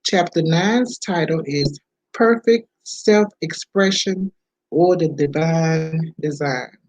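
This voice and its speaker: A woman reading a self-help book aloud, unhurried, with casual asides between passages. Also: low-pitched, darkish tone, dry recording, low-quality recording. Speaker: book reader.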